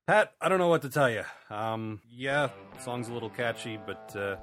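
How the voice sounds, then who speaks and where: A man's voice: mid-range voice, animated, moderate pace, fairly bright tone, faint music behind. A man co-hosting a podcast in casual chat, joking and chatty with frequent fillers. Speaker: podcast co-host.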